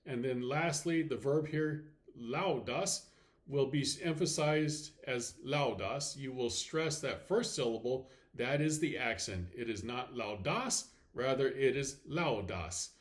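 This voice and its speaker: Guy teaching a slide lesson, normal pitch, talks slow and careful on examples, says okay a lot. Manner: clear step-by-step explaining with frequent okays; stresses example words slowly and deliberately. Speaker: Latin teacher.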